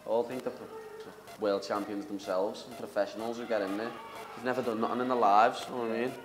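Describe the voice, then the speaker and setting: A man's voice: lowish voice, steady tone, brisk, over music. A young man with a Liverpool accent, a fighter answering questions in a casual interview, cocky and full of banter, calling everyone "lad". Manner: cocky, banter-heavy, says "lad" constantly. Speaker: MMA fighter.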